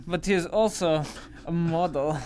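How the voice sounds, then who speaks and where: A man voicing a flirty, boastful half-orc woman in a put-on mock Russian accent, low and teasing. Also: slow pace, background noise.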